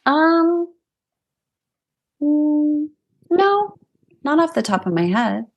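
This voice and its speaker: A woman's voice: sits high, big pitch swings, drawn-out words, lo-fi sound. A middle-aged woman therapist, a guest on a podcast, talking reflectively and telling stories from her childhood. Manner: reflective, warm storytelling. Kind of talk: podcast interview conversation.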